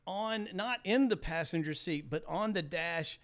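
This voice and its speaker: A man in his sixties from the United States, a former teacher telling travel stories in a casual chat, animated and laughing as he goes. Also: high voice, unhurried. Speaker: guest, former high school teacher.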